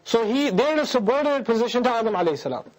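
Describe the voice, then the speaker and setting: A man's voice: extremely high pitch, animated, rapid-fire, rough recording. A man lecturing on scripture, reciting verses, translating them and putting rhetorical questions to his audience. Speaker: Quran lecturer. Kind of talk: religious lecture.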